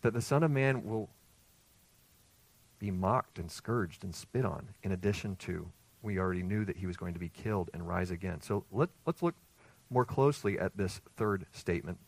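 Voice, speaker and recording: A man's voice: low voice, normal speed, vocal fry, no room sound. A man preaching an expository sermon with emphatic rhetorical questions that build in intensity. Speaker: pastor.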